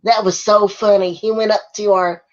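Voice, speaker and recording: A woman's voice: medium pitch, steady tone, normal speed, highs cut off. A woman vlogger answering viewer questions in a casual chat, often breaking into laughter.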